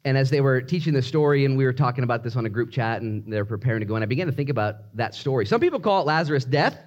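A man preaching a sermon in an animated, conversational way, swinging between loud emphasis and hushed moments. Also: mid-range voice, very fast, muffled recording. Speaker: pastor.

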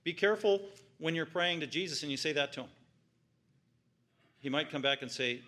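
In an expressive, fairly quick sermon broken by long pauses, a male pastor stresses his points through repetition. His delivery rises to loud peaks and falls into quiet, low stretches.

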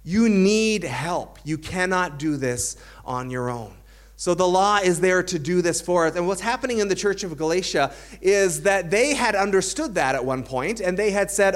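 A man's voice: high voice, lively intonation, normal speed. A man preaching a sermon as a pastor, earnest, building to emphatic points, with dry self-aware humor.

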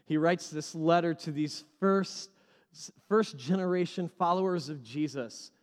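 A male pastor preaching a sermon, animated and repeating key phrases for emphasis. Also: a little high, measured pace, big-room sound.

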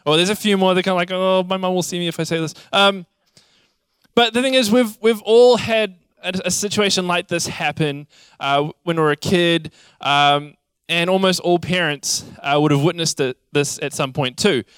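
Young aussie guy preaching, acts out kid stories, smooth clear voice, dry close sound. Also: high voice, moderate pace, dry recording. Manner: animated storytelling, acts out childhood scenes. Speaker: pastor. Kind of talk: sermon.

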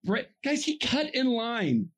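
A man preaching a sermon, telling a story with lively energy, acting out characters in funny voices and laughing often. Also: very high voice, takes it slowly.

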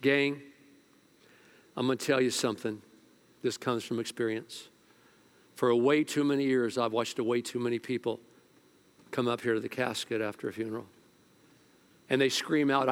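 Man, pastor, sermon, storytelling, hushed to loud, church service. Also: medium pitch, steady tone, moderate pace, vocal fry, long pauses.

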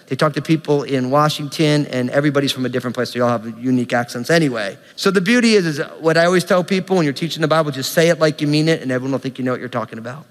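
Young male pastor, slightly high voice, earnest conversational sermon, church hall reverb. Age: young adult. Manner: earnest, conversational preaching with quick asides.

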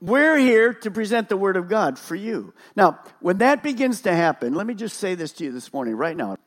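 An animated male pastor preaching at a church service, with a high voice for a man that leaps up and down. He pushes his points with rhetorical questions and emphatic stress. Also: normal speed. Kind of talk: sermon.

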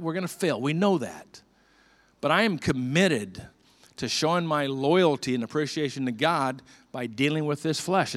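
A man's voice: a little high, a bit bright. Earnest preaching older man. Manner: earnest, conversational preaching with repeated restarts. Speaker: pastor. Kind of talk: sermon.

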